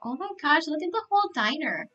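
A young woman live-streaming a game, gushing with excitement, gasping and repeating herself. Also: sits high, fairly quick, lo-fi sound.

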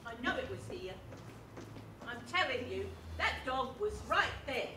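A woman on stage playing a flighty, excitable posh lady of the manor, heard from far off in an echoey theatre. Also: a little high, a little slow, noisy background. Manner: excitable, shrieking, dramatic. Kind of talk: amateur stage acting.

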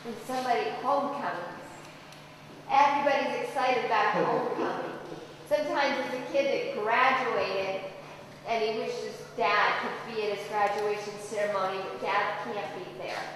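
Woman, sermon voice at a deaf church, lively storyteller, a little high, distant mic in a big echoing room. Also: normal speed, a little hiss or hum. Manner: animated storytelling, acting out quotes. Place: church sanctuary. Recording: echoey hall, voice far from mic.

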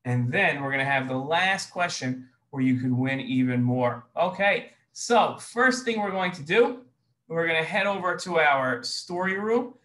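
A man hosting a children's show, telling a story and acting out the characters with lively voices. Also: fairly high pitch, a little slow. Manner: animated, acts out characters in raised voices. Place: synagogue video set.

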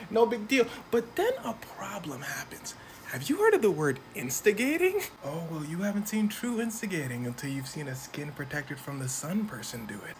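Animated man telling a comic story. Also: sits high, slight background noise. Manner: animated, slangy, does quick voices for people in the story. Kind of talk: comedic storytelling narration.

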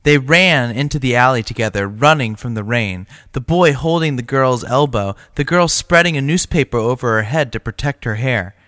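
A man's voice: medium pitch, normal speed, few pauses, a bit bright, no room sound. Man reading a story aloud, dry sound. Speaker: teacher.

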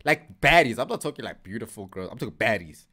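A man rambling excitedly in casual chat while reacting to a video. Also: on the low side, quick pace, husky. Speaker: co-host reacting.

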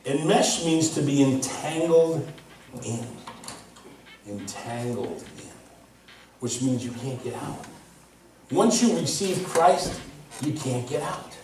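Animated pastor in an echoing church. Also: male voice, a little high, takes it slowly, long pauses, slight background noise. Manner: animated storytelling, laughing. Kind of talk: sermon. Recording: echoey hall from far off.

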